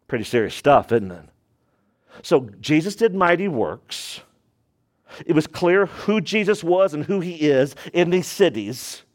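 Pastor guy preaching, high voice for a man, goes big then drops way down quiet, keeps checking if the crowd's following. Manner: emphatic preaching that swings between raised and hushed delivery; rhetorical questions to the congregation. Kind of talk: sermon.

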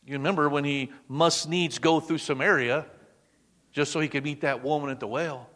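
A male preacher giving a dramatic sermon, dropping to a hush on quoted words. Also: a little high, fairly even intonation, normal speed, big-room sound.

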